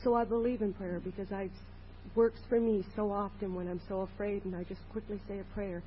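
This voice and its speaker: A woman's voice: mid-range voice, flat delivery, brisk. Earnest woman telling her story at a meeting. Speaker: recovery meeting speaker. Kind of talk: personal sharing at a meeting. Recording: dull 1980s tape with faint hiss.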